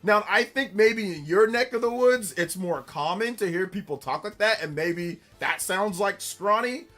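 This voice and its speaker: A man's voice: sits high, expressive, normal speed, a bit bright, soft background music. A man from California hosting a casual live stream, chatting with viewers in an upbeat, elevated presentation voice and laughing often. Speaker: streamer hosting a live gaming news show.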